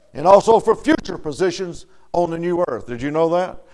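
A man preaching a storytelling sermon in a folksy way, dropping to soft murmurs and rising to loud, emphatic lines. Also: fairly high pitch, expressive, a little fast.

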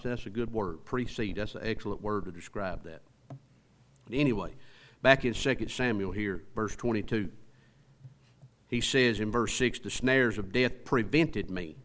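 A man preaching a sermon, reading scripture slowly and often asking the congregation questions. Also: on the low side. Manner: reads scripture slowly, rises to emphatic exhortation.

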